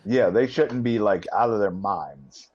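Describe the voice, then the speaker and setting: A man's voice: lowish voice, measured pace, slightly rough. A man co-hosting a casual podcast, answering with short reactions and joking asides. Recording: dull lo-fi sound.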